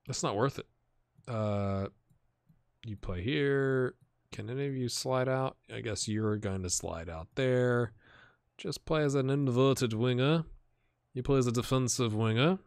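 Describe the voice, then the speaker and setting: A man's voice: medium pitch, no echo, clean studio sound. A man giving casual commentary on a football management game, talking to his players on screen and chatting with viewers. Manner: excitable, talks to the players on screen. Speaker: gaming YouTuber. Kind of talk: casual Let's Play commentary.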